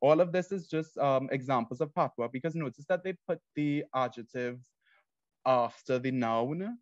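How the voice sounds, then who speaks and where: A man's voice: mid-range voice, normal speed, no room sound. Young Trinidadian man, student presenter, earnest and explanatory, dull dry lo-fi sound. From Trinidad and Tobago. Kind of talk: academic presentation.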